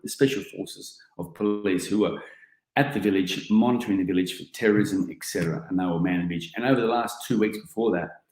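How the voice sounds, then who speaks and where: An Australian man in his forties giving a keynote talk, telling an animated story full of casual slang. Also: lowish voice. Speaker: keynote speaker. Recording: roomy echoing hall.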